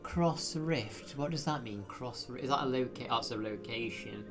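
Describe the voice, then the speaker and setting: A man's voice: mid-range voice, normal speed, music in the background. A man chatting casually while live streaming a video game, rambling with lots of fillers. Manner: rambling, self-deprecating, frequent fillers.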